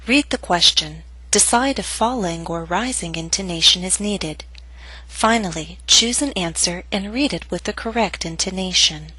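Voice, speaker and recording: A woman teaching English pronunciation, reading lesson steps slowly and carefully and modeling each phrase. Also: fairly low pitch, sharp tone, slightly rough, dry recording, low-quality recording. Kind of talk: slow, careful lesson narration.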